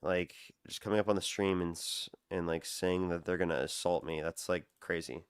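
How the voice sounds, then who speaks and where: A young man hosting a live debate stream, talking casually and thanking donors in a quick, repetitive run. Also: deep voice, fairly even intonation, clean tone, no echo, studio quality. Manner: rapid-fire, repetitive thank-yous to donors. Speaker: livestream debate host. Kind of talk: casual livestream talk.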